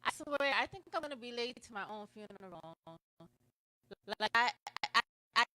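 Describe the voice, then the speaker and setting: A woman's voice: on the high side, lively intonation, normal speed, sharp tone, slight background noise, low-quality recording. A woman hosting a live talk show, rambling through a film's story with many restarts.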